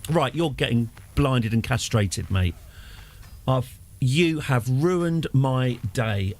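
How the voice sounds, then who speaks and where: A middle-aged man hosts his own live stream of a strategy game, offering chatty, wry, self-deprecating commentary full of fillers. His voice is mid-range with a darkish tone.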